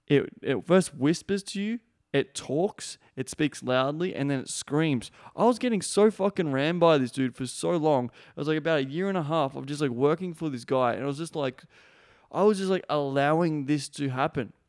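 Podcast host, young guy, clear tone, loose and profane storytelling. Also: fairly high pitch, moderate pace, darkish tone. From Australia. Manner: blunt, swears freely, many fillers like "man" and "like". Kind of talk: casual storytelling monologue.

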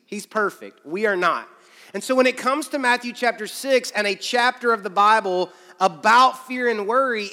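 A man's voice: sits high, pushed and bright, long reverb tail. A man pastor preaching a conversational sermon, joking and acting out quoted voices.

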